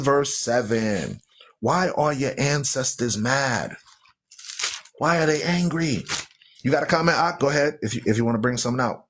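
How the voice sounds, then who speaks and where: Loud preaching man with lively swings. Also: on the high side. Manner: loud and emphatic, rhythmic repetition; asks listeners questions with "right?". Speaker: radio show host. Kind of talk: fiery preaching talk.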